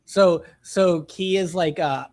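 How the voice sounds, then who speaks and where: A man's voice: high-pitched, slow pace, darkish tone, no room sound, studio quality. A young man co-hosting a casual live stream, reading chat messages and poll results aloud and retelling comedy sketches. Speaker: co-host of a movie reaction stream.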